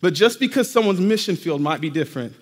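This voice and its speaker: A man's voice: high-pitched, lively intonation, fast talker. A man preaching a sermon in a church, talking to the congregation directly in a conversational way. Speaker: pastor. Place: church sanctuary. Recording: long reverb of a church hall.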